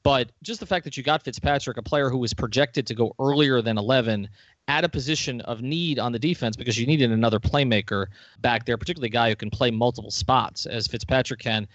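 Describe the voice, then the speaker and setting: A man's voice: mid-range voice, fast talker, fairly bright tone, no echo, lo-fi sound. Chatty man hosting a sports podcast. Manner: chatty, enthusiastic, laughs often. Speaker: podcast host. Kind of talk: casual sports podcast chat.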